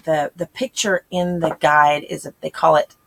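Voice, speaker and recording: This homeschool channel host has a low, creaky voice and keeps a steady, unhurried tone. She talks to homeschooling parents in a relaxed, chatty way, performing the voices of the people she quotes as she explains.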